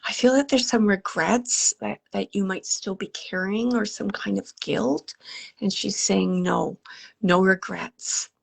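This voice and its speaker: A woman with a gravelly, fry-tinged voice gives live readings as a medium. She talks gently and haltingly, with many pauses, and often sinks into a soft whisper as she relays messages. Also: mid-range voice, fairly even intonation. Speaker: psychic medium.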